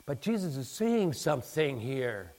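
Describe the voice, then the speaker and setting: A man preaching a sermon in an animated way, acting out bits of dialogue and building to emphatic peaks. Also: medium pitch, unhurried. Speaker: pastor.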